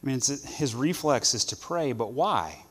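A man preaching a sermon to students, earnest, with loud stresses and soft asides. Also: mid-range voice, animated, normal speed, husky, big-room sound.

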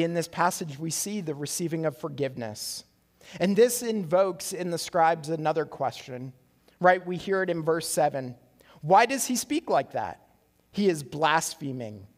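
A man preaching a sermon as pastor, earnest and emphatic, repeating key phrases for weight. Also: high voice. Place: church sanctuary. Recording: long reverb of a church hall.

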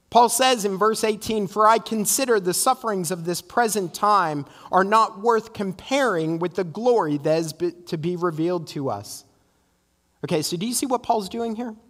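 High-voiced preacher in an echoing hall. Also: male voice, a bit bright. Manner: earnest, emphatic preaching with repeated "right?" asides. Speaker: pastor. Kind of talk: sermon. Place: church sanctuary.

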